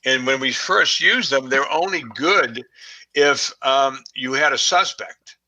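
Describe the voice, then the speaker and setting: Boston guy, forensics expert, bright tense voice, halting with ums. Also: medium pitch, poor audio. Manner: halting, many fillers and restarts. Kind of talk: casual conversation.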